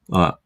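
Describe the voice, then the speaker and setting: A man hosting a casual drinking livestream, tipsy, swearing and laughing often. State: drunk. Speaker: host.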